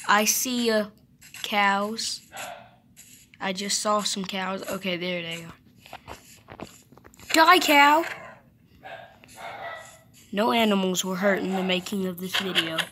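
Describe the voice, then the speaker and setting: Slow, playful young woman gaming. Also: mid-range voice, steady tone, fairly bright tone, a little hiss or hum. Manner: playful, chatty, talks to game animals. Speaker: gamer. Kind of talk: gameplay commentary.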